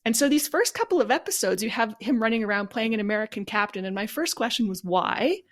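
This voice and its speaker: A woman's voice: fairly high pitch, fast talker. A woman on a podcast panel, talking enthusiastically in casual discussion and stretching words for emphasis.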